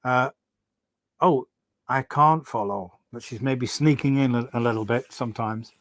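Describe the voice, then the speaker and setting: A man's voice: medium pitch, measured pace, a bit bright, no room sound. Rambling, enthusiastic middle-aged man. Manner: rambling, enthusiastic, storytelling with many restarts. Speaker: singer hosting a fan livestream. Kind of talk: casual live stream chat.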